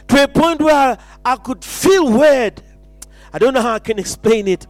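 A man's voice: extremely high pitch, lively intonation, measured pace, dry recording, soft background music. A man preaching an impassioned sermon, repeating phrases and stumbling into restarts.

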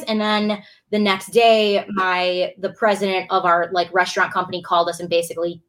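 A young woman, a bartender, telling her story in a casual chat, animated, swearing and acting out what people said. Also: fairly low pitch, normal speed, few pauses. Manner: animated, swearing, acts out her own quotes. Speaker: bartender and show guest.

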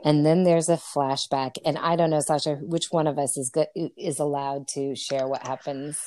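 Low-voiced woman, casual chat. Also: little pitch movement, normal speed, a little mellow, no room sound. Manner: chatty, laughing, fillers and restarts. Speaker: podcast co-host. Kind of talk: casual chat recapping a film.

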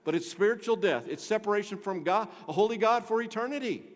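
A middle-aged male pastor preaching a sermon, emphatic, swinging between quiet and loud, questioning the congregation. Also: sits high, expressive, fast talker. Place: church sanctuary. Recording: long reverb of a church hall.

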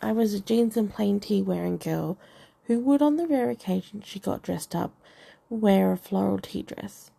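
A woman reads a first-person novel with a wry, self-mocking touch. Her voice is heavy with gravelly fry and a husky, breathy edge. The tone stays dark and mellow throughout. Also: mid-range voice, moderate pace. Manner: wry, dry humour. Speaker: audiobook narrator.

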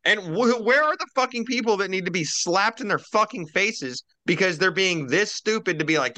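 A man's voice: high-pitched, lively intonation, moderate pace, few pauses, bright, forceful tone, no echo. A man on a casual roundtable podcast, ranting profanely and animatedly while drinking.

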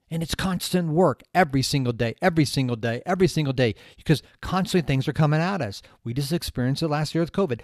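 A man hosting a podcast, giving a motivational talk with lively storytelling that swings between loud emphasis and hushed asides. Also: on the high side, dry recording, clean studio sound. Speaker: podcast host.

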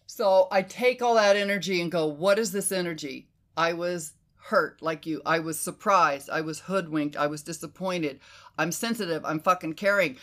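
A woman hosting a casual conversation, animated and emphatic, who swears freely and slips into quoted inner voices. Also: lowish voice, moderate pace. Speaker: podcast host.

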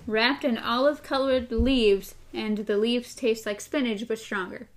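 A woman's voice: fairly high pitch, fairly even intonation, a little slow. A woman co-hosting a podcast, reading a book aloud and chatting in a teasing, enthusiastic way. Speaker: podcast co-host, reader. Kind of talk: casual chat and reading aloud.

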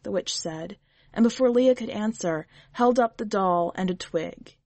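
A woman reading a short story aloud in a measured, unhurried way, as a podcast editor and reader. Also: lowish voice, creaky, dry recording. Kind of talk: scripted narration.

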